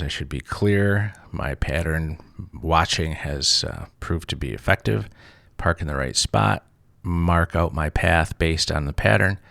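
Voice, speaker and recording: Podcast host, male, rumbling bass voice, dry close sound, casual self-mocking storyteller. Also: creaky, dry recording. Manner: blunt, swears freely, self-mocking.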